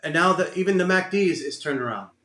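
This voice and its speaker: A man with a Texan accent streaming his day trading live, berating himself and cursing, swinging between loud outbursts and low muttering. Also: animated, fast. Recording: echoey room sound.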